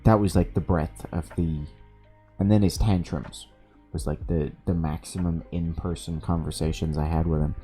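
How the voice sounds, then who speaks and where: A man's voice: low-pitched, steady tone, moderate pace, dark tone, faint music behind. A male streamer casually telling a story while gaming, profane, sardonic and amused.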